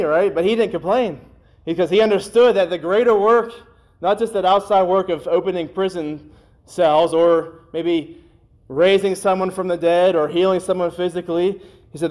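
A man preaching a sermon in a conversational way, with folksy asides, and slowing down on scripture phrases. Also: high voice, a little mellow. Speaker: pastor.

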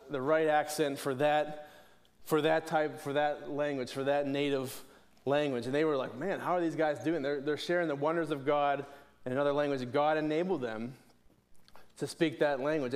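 A middle-aged man from Pittsburgh preaching a sermon earnestly, often restarting phrases and posing questions to the congregation. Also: a little high. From Pittsburgh, USA. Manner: earnest, repeats words and restarts phrases, asks rhetorical questions. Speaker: pastor.

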